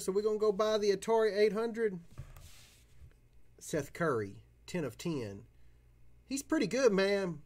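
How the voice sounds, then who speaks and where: A man hosting a card-opening livestream, chatting casually in a profane, boisterous way. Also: mid-range voice. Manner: profane, boisterous, whoops loudly at big pulls. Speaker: card-breaking livestream host. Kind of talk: casual chat while opening trading cards.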